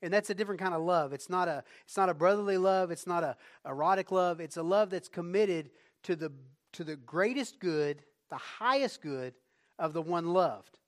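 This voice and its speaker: A male pastor preaching a conversational sermon, moving between quiet reflection and rising bursts of emphasis. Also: high voice, normal speed.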